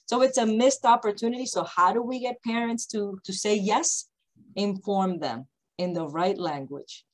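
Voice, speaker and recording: A woman who founded a company, speaking on a video call panel with emphatic, deliberately slow, repetitive points. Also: medium pitch, poor audio. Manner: emphatic, repeats key points, speaks slowly on purpose.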